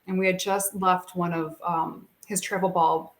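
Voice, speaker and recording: A middle-aged woman, a guest who works as a speaker and coach, shares emotional personal stories, animatedly acting out what people said. Her voice is on the low side and a little slow.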